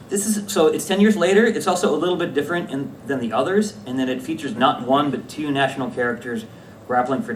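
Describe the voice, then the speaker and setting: A man giving a conference talk about slides, lively and self-correcting, often checking in with the audience. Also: mid-range voice. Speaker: academic conference presenter. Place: lecture room at a conference. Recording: echoey room, distant mic, faint hiss.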